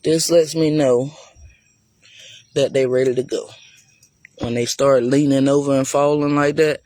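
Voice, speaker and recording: A man's voice: mid-range voice, level tone, unhurried, darkish tone, no room sound. A man giving a casual, chatty walk-through of his garden for viewers, talking loosely and calling them y'all. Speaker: gardening vlogger. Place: outdoor garden.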